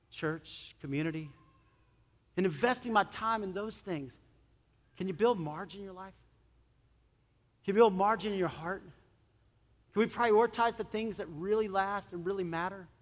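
A middle-aged male pastor preaching a sermon, animated, swinging between loud emphasis and soft, earnest moments. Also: sits high. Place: church sanctuary. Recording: long church hall reverb.

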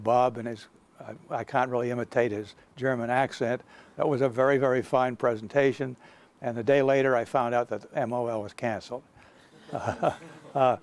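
An older man giving an unscripted lecture about his own experience, halting, with many fillers and restarts. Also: mid-range voice. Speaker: guest lecturer recounting experience.

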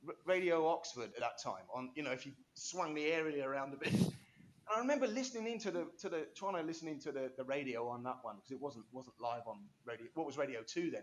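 Over a little background noise, a mid-range male voice carries an animated storytelling interview. The guest rambles enthusiastically through his tales, restarting often and wandering into asides.

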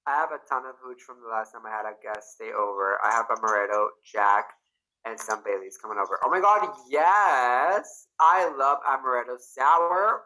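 Bubbly, animated young man from Canada. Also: medium pitch, normal speed, poor audio. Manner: bubbly and effusive, bursts into squeals. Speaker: livestream host. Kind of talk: casual livestream chat, reading comments aloud.

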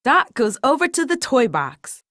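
A woman reading a children's storybook aloud in a gentle, lilting read-aloud manner. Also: high voice, sing-song, measured pace, no room sound, studio quality. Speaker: storybook narrator.

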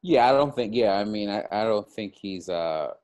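A man's voice: fairly low pitch, expressive, normal speed, a little mellow. A man co-hosting a podcast, talking in loose casual chat that rambles and leans on "you know" fillers. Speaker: podcast co-host.

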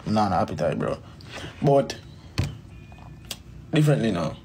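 A man's voice: lowish voice, wildly swooping pitch, a little slow, background noise. A man with a Jamaican accent telling a personal story in a rambling, casual way, repeating phrases and calling the listener "bro". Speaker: dancehall artist.

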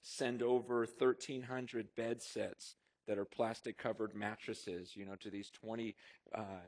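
A man preaching a sermon to his congregation, telling personal stories in an animated, conversational way with frequent asides. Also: lowish voice, unhurried. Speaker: pastor. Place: church auditorium before a congregation.

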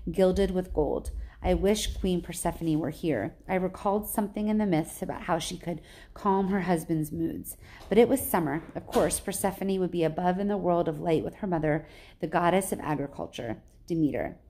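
A woman teacher reading a novel aloud in plain, even storytelling with small slips. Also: on the low side, normal speed.

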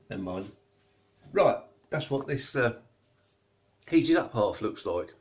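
Lively man in an echoey kitchen. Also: mid-range voice, slow, a little hiss or hum. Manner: chatty, tastes and eats while talking. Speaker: food reviewer. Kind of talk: casual food review vlog. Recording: echoey room.

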